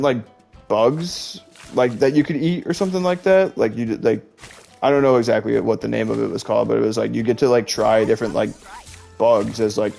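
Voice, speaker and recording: Young man, gravelly voice, rambling casual gamer chat, faint music behind. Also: medium pitch, darkish tone. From Illinois, USA. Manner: rambling, heavy use of "like", laughs often. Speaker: gaming streamer. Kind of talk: casual chat while gaming.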